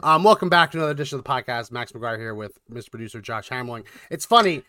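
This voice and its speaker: Bright, animated male podcast host. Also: mid-range voice, a little hiss or hum. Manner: animated, gets worked up, quick asides. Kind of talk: political commentary podcast.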